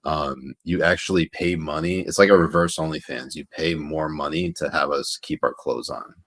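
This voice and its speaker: Man with a very low voice, jokey co-host reading out audience comments. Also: fairly even intonation, moderate pace, fairly bright tone. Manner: jokey, laughs while reading viewer comments aloud. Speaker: co-host reading viewer chat. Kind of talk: casual livestream chat.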